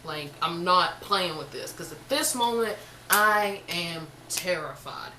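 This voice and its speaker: A young woman with a bright, forward voice spins a casual storytime in an animated, slangy way. She records on a camera mic in a room at home, with a roomy echo and faint ambience behind her. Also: fairly low pitch, takes it slowly, slight background noise. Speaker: vlogger.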